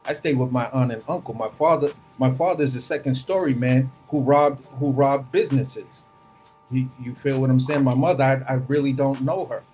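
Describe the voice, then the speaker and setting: A man's voice: mid-range voice, moderate pace, darkish tone, faint music behind. New guy, chef, swearing a lot, slangy and blunt, just talking it through, mid voice. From Brooklyn, New York. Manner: blunt, profane, street slang. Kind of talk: casual storytelling.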